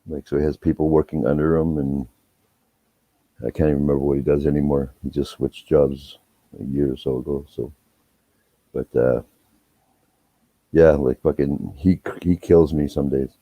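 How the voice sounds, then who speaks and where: A man's voice: very deep voice, moderate pace, pauses often, dry recording. A man casually telling rambling, profane family stories on a live stream. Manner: profane, rambling, animated when retelling quarrels. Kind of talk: casual storytelling chat. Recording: dull, muffled audio.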